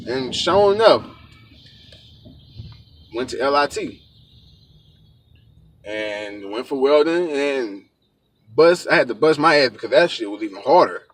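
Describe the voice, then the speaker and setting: A man's voice: medium pitch, lively intonation, unhurried, pauses often. A young man casually telling a personal story, emphatic and profane, acting out what people said. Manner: emphatic, profane, acts out quoted dialogue. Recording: noisy background.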